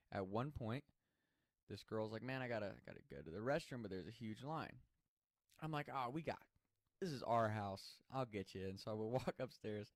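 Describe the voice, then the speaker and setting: A man's voice: medium pitch, dry recording. A man telling a personal story in a casual, chatty way, swearing freely and laughing as he goes.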